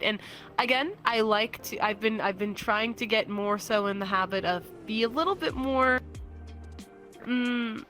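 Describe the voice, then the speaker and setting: A woman's voice: a little high, measured pace, fairly bright tone, soft background music. A woman guest on a casual podcast chat, talking in a playful, giggly, candid way with bits of slang. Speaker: streamer guest.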